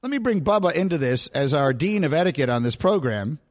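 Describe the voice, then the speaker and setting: A middle-aged man hosting a sports radio show, telling a rambling, animated story and chatting with his co-hosts. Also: on the high side, a little fast. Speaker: radio host. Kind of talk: casual chat on sports radio.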